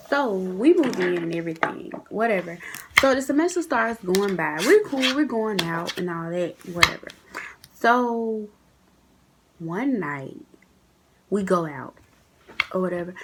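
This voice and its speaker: A woman's voice: medium pitch, a little hiss or hum, poor audio. Chatty young woman telling a story. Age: young adult. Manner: animated, chatty, with colloquial asides to viewers. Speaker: vlogger. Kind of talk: casual storytime.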